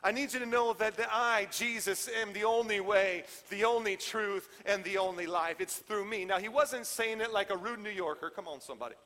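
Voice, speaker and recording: A man preaching a sermon as pastor in a conversational way, swinging between loud emphatic lines and hushed ones. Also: high-pitched, moderate pace, few pauses. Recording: long hall reverb.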